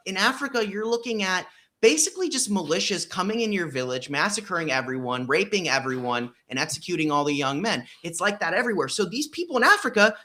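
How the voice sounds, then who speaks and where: A man's voice: sits high, pushed and bright. A man in casual podcast discussion, talking emphatically with frequent fillers and blunt profanity.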